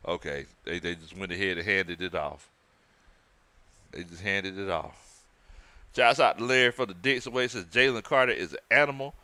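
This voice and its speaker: A man's voice: low-pitched, moderate pace, long pauses, sharp tone, dry recording. A man, co-hosting a live watch-party stream and calling the plays in a chatty way, laughing often and stumbling over names. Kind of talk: live play-by-play commentary on a stream.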